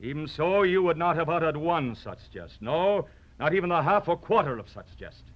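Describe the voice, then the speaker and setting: A man's voice: a little high, lively intonation, moderate pace, dull audio, close to an everyday voice. An actor playing a proud, mocking poet swordsman with a huge nose, declaiming in theatrical old radio-drama style. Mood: scornful. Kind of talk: vintage radio drama acting.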